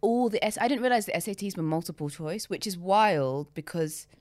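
A woman's voice: mid-range voice, animated, brisk, darkish tone, dry recording. A woman co-hosting a podcast, chatting wryly, often cutting in and laughing. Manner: wry, interjecting, laughs often. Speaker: podcast co-host. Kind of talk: casual chat.

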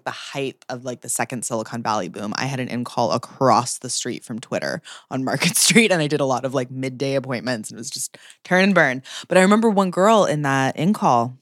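A woman's voice: extremely low pitch, fairly bright tone, no echo, studio quality. A woman in her thirties, a podcast guest, talking casually in an interview, often laughing and restarting her sentences. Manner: chatty, laughing, many fillers and restarts.

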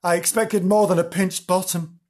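Guy doing a snooty paris bookshop owner, pompous and affected, kinda husky and a bit high, storybook reading. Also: steady tone, normal speed, a little mellow. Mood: fuming. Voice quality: haughty, affected.

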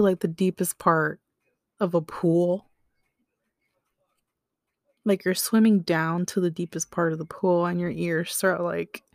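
A woman's voice: medium pitch, darkish tone, no room sound, clean studio sound. A woman hosting a casual solo podcast, explaining facts with slangy asides and joking reactions. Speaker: podcast host.

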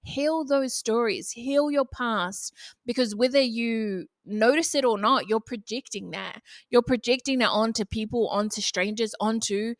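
A woman's voice: fairly high pitch, a little slow, no room sound. A young woman hosting a solo motivational podcast, talking bluntly and casually and swearing freely. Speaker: podcast host.

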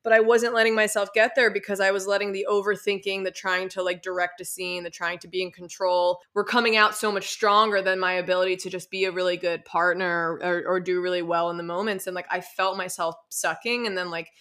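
Bright-voiced chatty young woman host. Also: lowish voice, brisk, hardly any pauses. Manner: chatty, animated storytelling with frequent fillers. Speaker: podcast host. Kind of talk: casual interview chat.

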